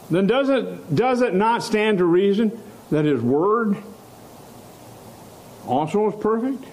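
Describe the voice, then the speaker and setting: A man preaching a sermon, slow and emphatic, stressing key words and letting out short laughs. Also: high voice, a little mellow.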